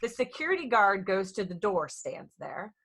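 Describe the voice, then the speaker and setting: A woman hosting a casual podcast conversation, telling stories in a lively, blunt way with some swearing. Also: mid-range voice, moderate pace.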